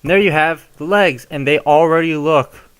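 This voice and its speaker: A man's voice: a little high, moderate pace, fairly bright tone, clean tone. A young man casually showing how to modify a toy, chatty and given to rambling asides. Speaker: toy reviewer. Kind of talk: casual hands-on tutorial.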